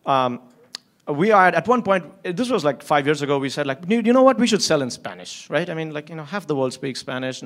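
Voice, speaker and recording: A man who runs a company, talking casually in an interview, candid and profane, with frequent restarts and a habit of chuckling through his stories. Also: fairly high pitch. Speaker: company founder and CEO.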